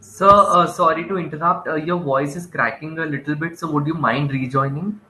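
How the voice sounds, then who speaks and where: A man hosts an online session over a video call, speaking politely with frequent fillers. His voice is bright and forceful, and his intonation stays fairly flat. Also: a little high, moderate pace, slight background noise, poor audio. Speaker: webinar moderator. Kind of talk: introducing a speaker and filling time on a webinar.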